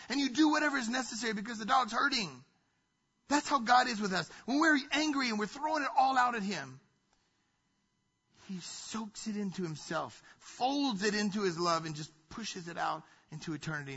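A man's voice: high voice, sharp tone, husky. A man preaching a sermon from a church stage, emphatic and repetitive in his delivery. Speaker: pastor. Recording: dull lo-fi sound.

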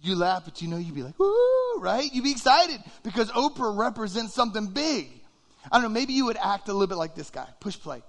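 A man preaching in a high, bright voice, loose and conversational, who acts out little quoted reactions as he goes. It is a relaxed, lively sermon. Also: brisk. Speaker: pastor.

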